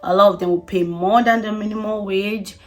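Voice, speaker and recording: A woman's voice: mid-range voice, steady tone, a little fast. A woman giving casual advice to viewers, chatty and emphatic, often repeating herself and laughing. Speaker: vlogger.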